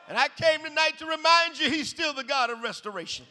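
A man preaching a shouted revival sermon in a large church, hollering in a rhythmic call-and-response style. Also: extremely high pitch, fairly quick, few pauses. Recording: echoey hall reverb.

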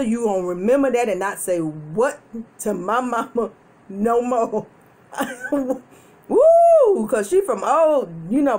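A woman hosting a mukbang, chatting casually to viewers while she eats and telling stories animatedly, with frequent laughter and loud whoops. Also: fairly high pitch. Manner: chatty, addresses viewers directly. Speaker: mukbang host. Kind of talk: casual chat while eating.

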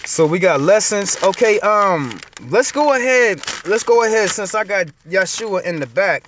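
High, bright-voiced man preaching to "family". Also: lively intonation, measured pace, few pauses, slight background noise. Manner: repetitive, calls listeners "family" constantly, swings loud and soft. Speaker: online inspirational speaker. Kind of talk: preachy motivational blessing talk.

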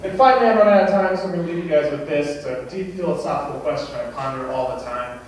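A young man doing a stand-up comedy set on a club stage, moving from deadpan delivery into shouted mock rants. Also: on the high side, very fast, distant mic, slight background noise. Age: young adult. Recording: very echoey club room from afar.

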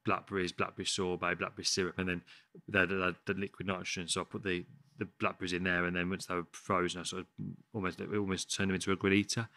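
A man's voice: sits low, flat delivery, quick pace, pushed and bright, no room sound. A man, a chef telling a story in casual chat, rambling and swearing often. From West Midlands, England. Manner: rambling, frequent swearing and restarts. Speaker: chef, podcast guest. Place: podcast studio.

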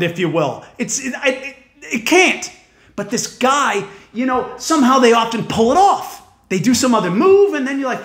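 A man telling a profane story as a stand-up comedian, animated and building to yelling. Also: very high voice, normal speed. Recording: echoey room.

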